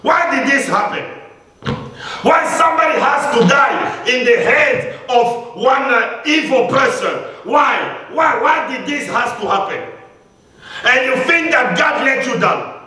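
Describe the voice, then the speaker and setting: A man preaching a sermon as pastor, with frequent calls of hallelujah and bursts of shouting. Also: very high-pitched, expressive, measured pace. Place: church hall. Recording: echoey hall, voice from a distance.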